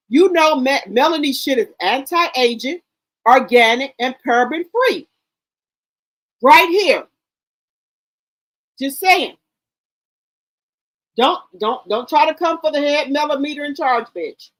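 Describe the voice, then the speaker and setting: High-voiced chatty woman talking to viewers. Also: low-quality recording. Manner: loud, chatty, swears freely, repeats herself. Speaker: gossip channel host. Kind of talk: casual chat to camera.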